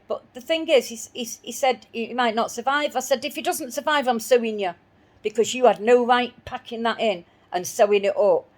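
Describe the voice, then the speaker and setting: A woman's voice: medium pitch, darkish tone. A woman telling a personal story in an indignant voice, repeating herself as she replays her arguments. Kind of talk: spoken personal account.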